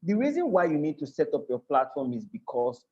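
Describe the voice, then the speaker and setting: A man's voice: fairly high pitch, sing-song, fairly quick, mellow, dull audio. A man with a Nigerian accent teaching a live online class. He speaks earnestly, often repeats and restarts his phrases, and checks in with his listeners. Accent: Nigerian English. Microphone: video call.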